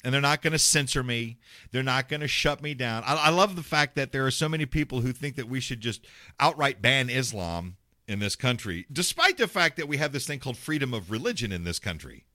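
Male talk radio host, blunt and profane, lively swooping pitch, dry close sound. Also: a little fast, dry recording. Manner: mocks callers in put-on voices. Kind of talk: ranting talk radio monologue.

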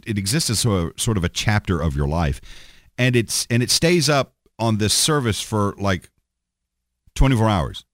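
A man's voice: on the low side, no echo, studio quality. Rambling sardonic male podcast host. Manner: rambling, sardonic, many restarts and fillers. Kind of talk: solo podcast monologue.

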